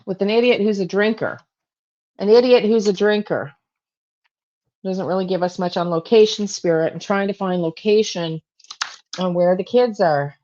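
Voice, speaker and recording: A woman's voice: medium pitch, moderate pace, pauses often, mellow, lo-fi sound. A woman hosting a true crime channel, talking to herself while she pulls tarot cards and repeats her questions to spirit.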